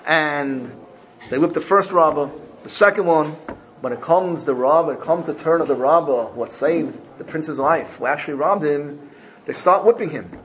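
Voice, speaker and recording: Guy giving a torah shiur, bit high pitched, acts out the story, faint hiss behind. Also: rough recording. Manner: animated storyteller, voices characters in the parable. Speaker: rabbi.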